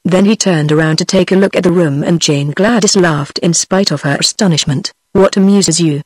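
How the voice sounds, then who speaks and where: A text-to-speech voice of a woman with a British accent, narrating a fairy-tale audiobook in an even, steady way. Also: on the low side, a little fast, husky, no echo.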